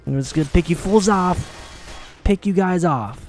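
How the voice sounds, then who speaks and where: A man giving excitable let's play commentary, swearing often and taunting his enemies as he plays. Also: high voice, unhurried, faint music behind. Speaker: gaming channel host.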